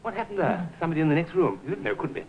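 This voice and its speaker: A caddish middle-aged charmer, full of clipped, jaunty patter. His voice leaps up and down with lively swings of pitch. It comes through a hissy old television soundtrack. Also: very fast. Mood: breezy, scheming. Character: caddish middle-aged English ladies' man, breezy schemer. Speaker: comic lead. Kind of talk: 1960s studio sitcom acting.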